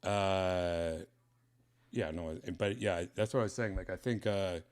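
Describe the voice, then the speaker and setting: A man's voice: low-pitched, measured pace, clean tone. A man hosting a casual home vlog, rambling in a laid-back way while showing his cats in a room at home. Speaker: host showing his pets.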